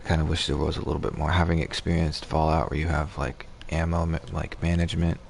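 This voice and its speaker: A man's voice: very deep voice, level tone, quick pace, vocal fry, slight background noise. A man streaming a game, chatting casually and rambling, with swearing and restarts. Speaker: gaming streamer. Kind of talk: casual gaming chat.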